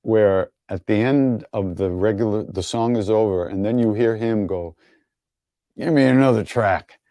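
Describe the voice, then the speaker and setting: A man's voice: fairly low pitch, moderate pace, mellow, dry recording. A man hosting an online gathering, answering viewer questions in an easygoing, wry way, telling stories with many fillers and chuckles. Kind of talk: casual online Q&A storytelling.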